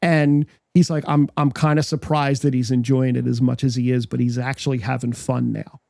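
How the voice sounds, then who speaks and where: Gravelly-voiced man telling convention stories. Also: mid-range voice, level tone, normal speed, warm tone, no room sound, studio quality. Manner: storytelling, acts out quotes, frequent restarts. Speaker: podcast co-host. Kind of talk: casual chat.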